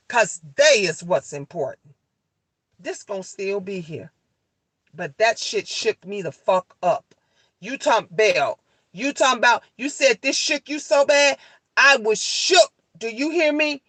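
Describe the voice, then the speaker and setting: A middle-aged woman talking straight to her livestream chat, heated and emphatic, swearing and hammering her points home. Her voice has a bright, forceful edge, and the sound is close and dry with no room echo. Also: high-pitched, lively intonation, unhurried. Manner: talks straight to her viewers, answering their comments.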